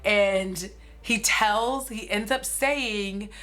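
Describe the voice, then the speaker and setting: Speaking extremely slowly in a mid-range, fairly bright voice, a forties-aged woman who streams movie commentary offers a laid-back, sarcastic plot recap. "Like" comes up again and again, and she curses without hesitation in her chatty way.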